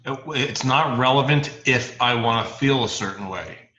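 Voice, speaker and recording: A male podcast host with a bright, forceful voice who asks probing questions and plays devil's advocate. The recording sounds dull and lo-fi, and the room echo is clear. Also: mid-range voice, normal speed. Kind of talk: podcast interview.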